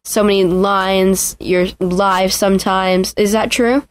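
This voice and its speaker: A woman hosting a podcast interview asks her questions in a steady, mid-pitched voice. She keeps the talk moving with short, encouraging affirmations. The recording is dry, with little room sound. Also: slow, dry recording.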